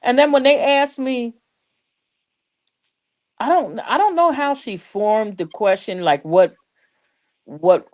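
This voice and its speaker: A woman co-hosting a casual panel chat, telling stories in an animated way and acting out the other voices. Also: a little high, slow pace, long pauses. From United States. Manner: animated storyteller, acts out quotes, laughs often. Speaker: co-host.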